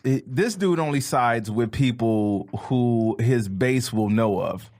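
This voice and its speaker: A man's voice: mid-range voice, slow pace, a little mellow. A man co-hosting a comedy podcast in casual banter, swearing freely and jumping into mocking impressions.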